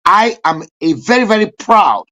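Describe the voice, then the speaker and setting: A man hosting a live-stream talk show, giving fervent political commentary with sudden loud rising bursts. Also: high voice, big pitch swings, normal speed. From Nigeria.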